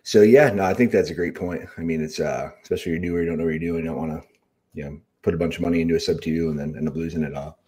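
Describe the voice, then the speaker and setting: A man with a very low, deep voice hosting a podcast, who talks quickly in a loose, casual way. He uses plenty of fillers like "you know" and "like" and greets viewers who comment live. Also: fairly even intonation, dark tone. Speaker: podcast host. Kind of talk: casual interview talk.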